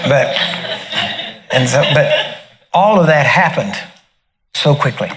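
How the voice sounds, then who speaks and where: A middle-aged man telling a personal testimony in a casual, animated way, often laughing and acting out the other people in the story. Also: mid-range voice, moderate pace, long pauses, very noisy. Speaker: minister sharing a testimony.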